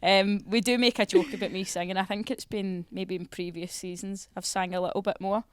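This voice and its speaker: A woman's voice: mid-range voice, steady tone, a little fast, smooth, no room sound, clean studio sound. A woman with a Scottish accent, chatting casually as a guest and laughing often. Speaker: footballer guest. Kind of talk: casual chat.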